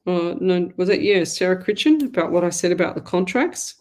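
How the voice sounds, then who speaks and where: A woman's voice: lowish voice, lively intonation, brisk, darkish tone. Aussie lady psychic doing live readings, chatty and rambly, calls people lovey. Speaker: psychic medium host. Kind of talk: live online call-in readings.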